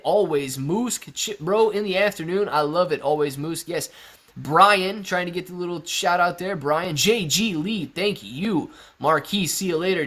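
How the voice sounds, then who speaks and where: A man with a fairly high voice hosts a live stream. He talks with lively energy and rattles off shout-outs to viewers in the chat one after another.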